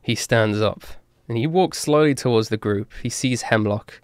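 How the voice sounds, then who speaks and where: A man narrating a tabletop game as game master, slow and full of fillers. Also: medium pitch, no echo. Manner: slow, filler-heavy, chuckling.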